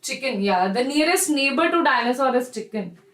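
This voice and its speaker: A woman's voice: high voice, lively intonation, moderate pace, a bit bright, echoey room, poor audio. A young woman with an Indian English accent, teaching a live online chemistry class in a chatty, encouraging way. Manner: chatty and encouraging, addresses students as "bacha".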